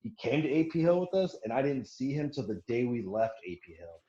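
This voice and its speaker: Speaking a little fast in his mid-range voice, a young man swears freely and laughs through a long war story on a casual podcast, bursting into lively impressions of what other people said. The room is echoey and the sound lo-fi.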